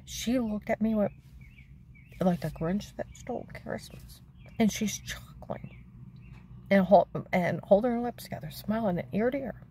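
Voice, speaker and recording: An older woman telling a rambling, aggrieved personal story, repeating herself and acting out what others said, her voice gravelly. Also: mid-range voice, unhurried, mellow, slight background noise. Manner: chatty, aggrieved, repeats herself, acts out quotes.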